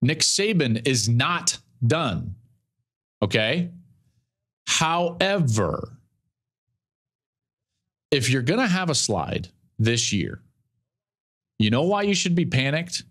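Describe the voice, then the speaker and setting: A man's voice: very animated, takes it slowly, long pauses, a bit bright. Emphatic man hosting a football podcast. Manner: emphatic, repeats phrases, swings pitch widely for emphasis. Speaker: podcast host. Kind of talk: animated sports commentary monologue.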